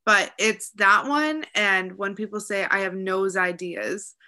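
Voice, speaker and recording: A woman with a light Midwestern accent talks casually on a podcast and gives her opinions bluntly. Her voice is bright and forward, with a sharp edge. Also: medium pitch, expressive, a little slow. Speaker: podcast co-host. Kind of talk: casual chat.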